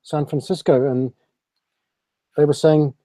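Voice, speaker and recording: A man chatting casually, calm and matter-of-fact. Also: on the high side, a little slow. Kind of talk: casual chat.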